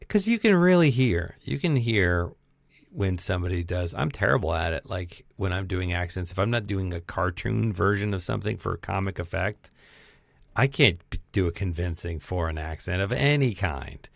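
Gravelly low-voiced man chatting about films. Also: lively intonation, normal speed, dry recording, studio quality. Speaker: podcast co-host. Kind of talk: casual film review chat.

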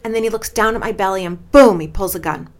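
A woman in her forties hosting a podcast, telling a personal story in a dramatic, expressive way. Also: mid-range voice, fast. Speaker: podcast host.

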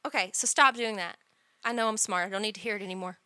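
A woman's voice: medium pitch, fast, dry recording, studio quality. A woman hosting a podcast, telling funny stories in casual chat with lots of laughter and some swearing. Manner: laughing, animated storytelling with profanity. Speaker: podcast host.

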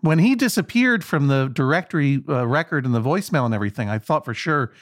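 A man's voice: fairly high pitch, expressive, quick pace. Wry middle-aged man telling stories. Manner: dry, wry storyteller who acts out quoted voices. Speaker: guest. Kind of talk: casual storytelling chat.

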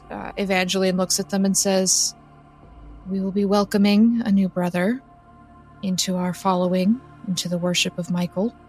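A woman narrating a tabletop role-playing game as game master, in slow, measured storytelling. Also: on the low side.

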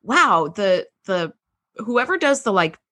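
A woman's voice: medium pitch, sing-song, slow pace, sharp tone. A woman co-hosting a podcast, chatting casually about a TV episode, laughing often and acting out the characters' lines. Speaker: podcast co-host. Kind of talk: casual chat recapping a TV episode.

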